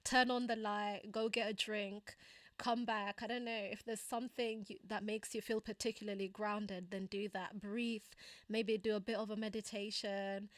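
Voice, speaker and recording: A woman's voice: mid-range voice, little pitch movement, moderate pace, no room sound, clean studio sound. A young woman with a Kenyan accent hosting a casual live stream, chatty, laughing often and using lots of fillers as she answers viewers. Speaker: livestream host. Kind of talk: casual live chat reading viewer comments.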